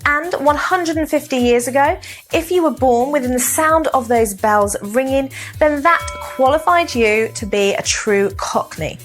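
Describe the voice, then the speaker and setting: A woman teaches to camera, her voice sitting a little high. She explains each point in a clear and measured way. Faint music plays quietly behind her. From south of England. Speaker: English teacher. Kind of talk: scripted lesson to camera.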